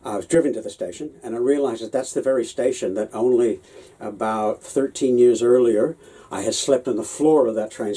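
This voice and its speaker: A puppeteer telling stories about his work in a relaxed, hesitant way, with many fillers and restarts. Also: lowish voice, breathy edge, poor audio. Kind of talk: anecdotal storytelling.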